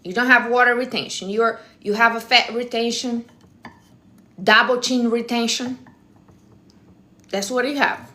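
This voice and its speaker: A woman's voice: a little high, fairly even intonation, measured pace, pauses often, sharp tone. A woman hosting a casual live stream, giving blunt, teasing advice in non-native English phrasing. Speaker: livestream host.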